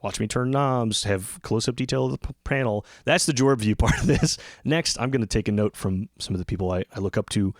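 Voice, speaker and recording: A man casually demonstrating synthesizer modules as the host of his own channel. He explains in a relaxed, loose way, often restarting his sentences. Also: mid-range voice, brisk, few pauses, no room sound. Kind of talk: casual hands-on gear demonstration.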